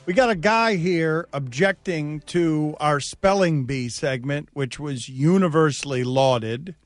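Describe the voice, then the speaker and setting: A man's voice: on the high side, slow, no room sound, faint music behind. A man hosting a sports talk radio show, telling stories animatedly and laughing at his own bits. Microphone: studio mic.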